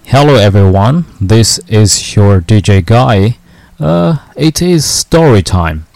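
Slow, lively-voiced man reading a story. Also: lowish voice, gravelly, no echo, faint music behind. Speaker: radio DJ reading a children's story. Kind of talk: storybook read-aloud for English learners.

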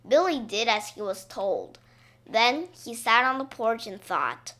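A woman reads a children's storybook aloud, slowly and expressively. Her voice is high and bright, with wide, lively swings in pitch. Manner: slow, expressive read-aloud.

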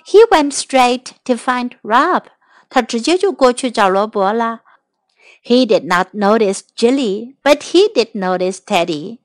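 A woman teacher reading a children's story aloud in two languages, clear and expressive. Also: fairly high pitch, no room sound. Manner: clear, expressive, slow English then Chinese.

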